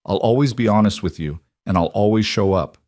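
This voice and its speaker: A man with a low, dry-recorded voice voicing a gentle, earnest young businesswoman in a read-aloud story. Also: a little fast, no echo, close to an everyday voice. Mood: tender. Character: caring young adult businesswoman, gentle and steady. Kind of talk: storybook reading.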